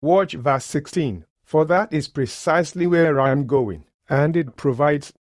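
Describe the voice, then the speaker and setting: A man's voice: on the high side, a little slow, dry recording, clean studio sound. A man preaching a sermon, reading scripture aloud and expounding it in an emphatic, declamatory way.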